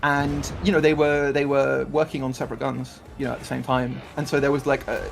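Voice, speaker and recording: Fast-talking analytical gamer man. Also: mid-range voice, little pitch movement, gravelly. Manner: rambling, analytical, many restarts. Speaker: streamer explaining game mechanics. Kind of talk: casual voice-chat banter.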